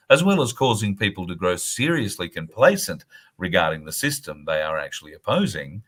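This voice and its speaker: A man's voice: deep voice, a bit bright. A tired man with an Australian accent, reading a prepared piece aloud with careful emphasis, then chatting as co-host. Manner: careful reader, stresses words deliberately. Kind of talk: reading a prepared text, then casual chat.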